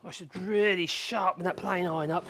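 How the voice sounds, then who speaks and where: A man's voice: high-pitched, fairly even intonation, a little fast, gravelly, a bit bright, a little hiss or hum. A man hosting a woodworking livestream, chatting casually and thinking aloud while he works. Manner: chatty, thinks aloud and hums tunelessly to himself. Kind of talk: casual live-stream chat while working.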